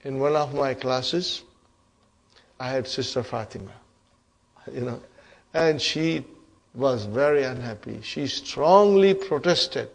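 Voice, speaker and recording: A man's voice: mid-range voice, takes it slowly, creaky, pauses often. A man teaching an Arabic grammar class, quizzing students and checking in with "huh?" and "okay?" as he goes. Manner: addresses class as brothers and sisters.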